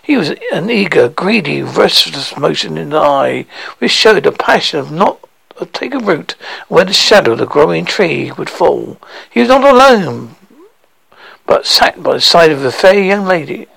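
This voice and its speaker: A man reading a classic novel aloud, halting over words and restarting them. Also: fairly high pitch, very animated, vocal fry, fairly bright tone, husky, dry recording, rough recording. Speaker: reader.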